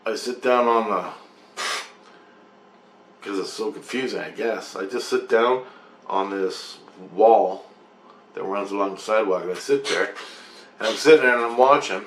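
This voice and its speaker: A man's voice: fairly low pitch, moderate pace, long pauses. A man recounting a strange dream in a rambling, repetitive way, swearing freely as he tells it. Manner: repetitive, profane, excitable retelling. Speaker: dream storyteller. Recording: roomy echo with faint ambient noise.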